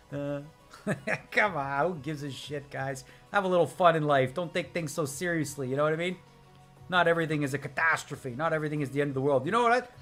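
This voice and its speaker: A man's voice: on the high side, moderate pace, sharp tone, faint music behind. A man live-streaming a poker session, chatting casually with viewers in a brash, joking way and answering their chat messages. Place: home streaming setup.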